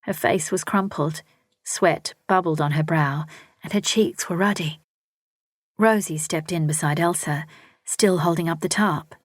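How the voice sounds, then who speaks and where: Woman reading a story out, lowish voice, dry close sound. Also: unhurried, no room sound. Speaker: audiobook narrator. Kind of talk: scripted narration.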